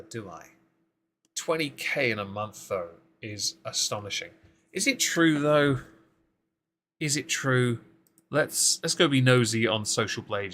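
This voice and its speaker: A man's voice: fairly low pitch, pushed and bright, slight background noise. A man hosting a casual live-stream commentary, talking with dry, sarcastic asides and frequent ums as he greets chat and reads through posts.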